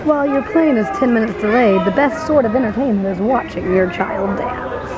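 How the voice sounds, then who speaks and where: A woman's voice: fairly high pitch, a little fast, lo-fi sound, close to an everyday voice. A woman putting on an over-the-top radio announcer voice in a busy airport, her accent drifting between radio host and country. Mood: hammy. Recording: loud crowd noise of an airport.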